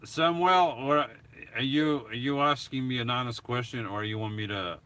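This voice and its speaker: A man's voice: medium pitch, normal speed, fairly bright tone, smooth. A man hosting a livestream, rambling casually as he answers viewer comments. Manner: rambling, self-correcting, chatty. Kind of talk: casual live chat.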